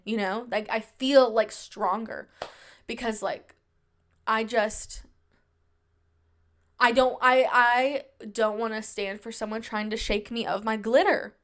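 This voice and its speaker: A woman's voice: on the high side, fairly even intonation, unhurried, fairly bright tone. A young woman hosting her own podcast, talking casually and at length, full of fillers and self-reassurance, shy and introverted by her own account. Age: young adult. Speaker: podcast host. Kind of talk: casual solo podcast chat.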